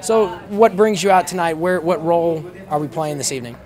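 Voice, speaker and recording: An interviewer at an outdoor premiere red carpet, asking quick, upbeat questions. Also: medium pitch, darkish tone. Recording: crowd chatter behind.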